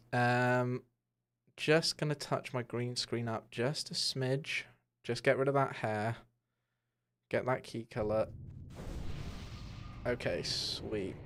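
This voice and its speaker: A young man streaming a game from his home setup, talking in a candid, rambling way with many fillers and restarts. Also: medium pitch. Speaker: gaming streamer. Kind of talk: casual live-stream chat while playing.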